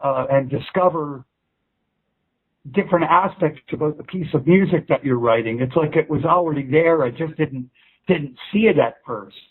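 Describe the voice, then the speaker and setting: A man's voice: a little high, normal speed, breathy edge. A male musician chatting in an interview, restarting sentences and swearing freely. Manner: rambling restarts, frequent swearing. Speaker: musician guest. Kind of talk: casual interview chat. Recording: tinny phone line.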